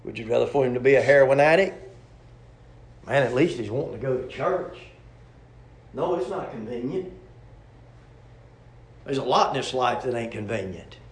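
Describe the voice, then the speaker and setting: A man's voice: medium pitch, lively intonation, normal speed, pauses often, reverberant. A man preaching a sermon in a folksy, rhetorical, joking storytelling manner.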